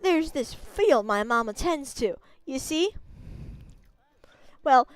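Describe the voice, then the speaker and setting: A woman's voice: high-pitched, animated, slow, dry recording, clean studio sound, voice pushed up. A woman voicing a scrappy country boy with a dog who talks in a cocky, scoffing, folksy way.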